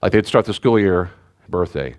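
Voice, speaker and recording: A man's voice: low-pitched, lively intonation, moderate pace, darkish tone. A middle-aged man, a pastor, teaching in a conversational, rambling way with restarts and asides. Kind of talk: sermon-style teaching talk.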